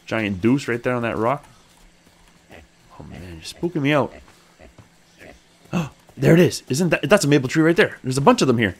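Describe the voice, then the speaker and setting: A man's voice: moderate pace, pauses often, husky. Chatty man doing let's play commentary. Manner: chatty, thinks aloud and talks to his character; bursts into excited high exclamations. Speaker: gaming channel host.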